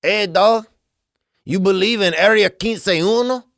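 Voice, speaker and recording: A man doing a squeaky, hyped-up alien fanatic. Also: measured pace, fairly bright tone, no echo, studio quality. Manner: high, eager, repeats "dog". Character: excitable young guy hyped about aliens, slangy.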